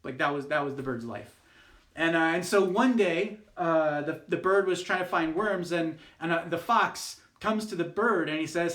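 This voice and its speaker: A man's voice: fairly high pitch, moderate pace, a bit bright, echoey room. A man, a youth pastor, telling a fable in a casual, rambling way, with lots of fillers and restarts. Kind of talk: youth group devotional talk.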